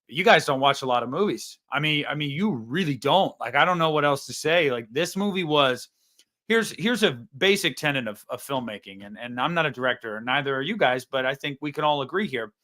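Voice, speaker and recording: A young man with a notably high voice rants through a casual film review, swearing and exasperated. He talks as a co-host riffing with friends. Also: lively intonation, brisk, pushed and bright. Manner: ranting, profane, exasperated. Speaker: podcast co-host.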